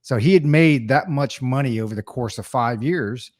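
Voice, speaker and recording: Man, podcast host, casual storyteller, mid-pitched voice, dry close mic. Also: moderate pace, no echo. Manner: storytelling, animated quoting of others. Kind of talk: casual chat.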